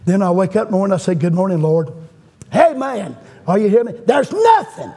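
A man's voice: high voice, fast talker, dark tone, slightly rough. A middle-aged man preaching a fervent revival sermon in a church, telling a story and calling out to the congregation. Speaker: guest preacher. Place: church sanctuary.

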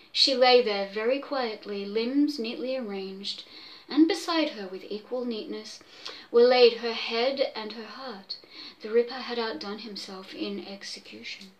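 A woman reading a dark tale aloud in a measured way, with offhand asides. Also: on the high side, poor audio. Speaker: storyteller.

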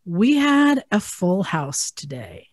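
A woman's voice: fairly low pitch, huge pitch swings, slow, no echo. A woman co-hosting a casual podcast from a garage studio. She talks in an earnest, rambling way with many fillers. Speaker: podcast co-host.

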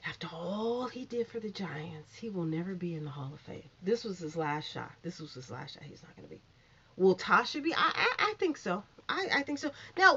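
A woman giving a casual, sassy opinion monologue as a commentary vlogger, swinging from loud outbursts to hushed asides. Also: on the high side, breathy edge. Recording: muffled lo-fi recording.

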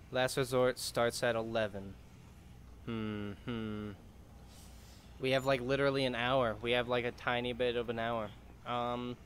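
A man commentating a video game as he plays, excitable, laughing and swearing, talking back to the characters on screen. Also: medium pitch, a little hiss or hum. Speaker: gaming YouTuber. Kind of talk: let's play commentary.

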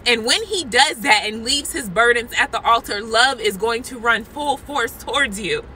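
A woman's voice: a little high, expressive, normal speed, pushed and bright, a little hiss or hum, poor audio. A woman sharing an impassioned prophetic testimony from a church parking lot, earnest and repetitive, speaking straight to her viewers. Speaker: Christian vlogger sharing a prophetic word.

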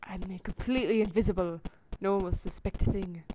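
A woman giving chatty let's-play commentary on a survival game, gasping at finds and breaking into squeaky sing-song calls. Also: steady tone, a little fast, warm tone, slight background noise. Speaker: gameplay commentator.

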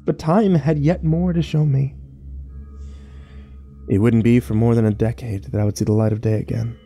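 A man narrating a first-person horror story slowly and wistfully, with small restarts. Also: mid-range voice, steady tone, dark tone, faint music behind.

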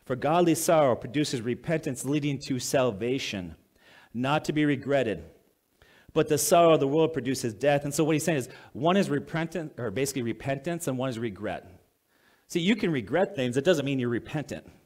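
A pastor preaching a sermon in a conversational way, reading scripture aloud, then explaining it plainly and asking the congregation questions. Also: male voice, medium pitch, animated, normal speed, a little mellow.

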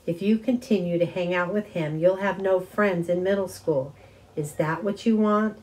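Woman doing strict angry mom, cold and scolding, warm low tone. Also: normal speed, close to an everyday voice, rough recording. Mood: stern, cold. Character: angry strict mother, middle-aged woman.

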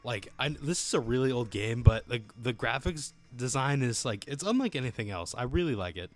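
A man casually commenting while he plays a video game, goofy and excitable, humming along with it. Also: mid-range voice, fairly quick, hardly any pauses, faint music behind. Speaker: let's play host.

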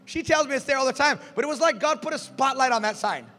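A male pastor preaching a sermon, animated and calling out to his congregation. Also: very high voice, fast talker. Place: church sanctuary. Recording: reverberant church hall, faint music.

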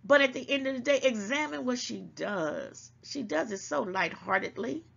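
A woman with a gravelly, fry-heavy voice gives casual, emphatic commentary straight to her viewers. She lectures a little as she talks and keeps calling them baby. The sound is dull and lo-fi. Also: on the high side, animated, normal speed, fairly bright tone. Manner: emphatic and preachy, calls listeners baby. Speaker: channel host.

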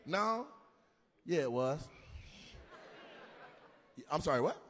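A man doing live stand-up crowd work, teasing audience members in an animated way with loud bursts. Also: on the high side, slow. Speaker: stand-up comedian.

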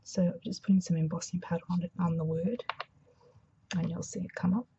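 Brief: Australian woman craft demonstrator, low gravelly voice, slightly hoarse, mumbles softly, dull lo-fi recording. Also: steady tone, fairly quick, a little hiss or hum. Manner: soft-spoken, mumbling, thinking aloud. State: hoarse after flu. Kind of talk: casual craft tutorial.

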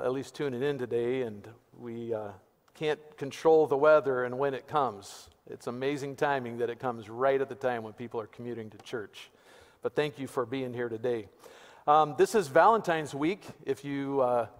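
A male pastor giving casual, joking announcements before his sermon, with many fillers, in a reverberant church sanctuary. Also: mid-range voice.

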